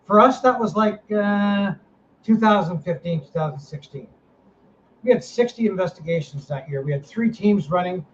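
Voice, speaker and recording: A middle-aged man in a podcast chat whose fairly high voice swings around, ranting with heat and swearing freely. The sound is slightly dull, with a faint hiss behind it. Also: moderate pace, a little mellow. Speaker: paranormal team director, host.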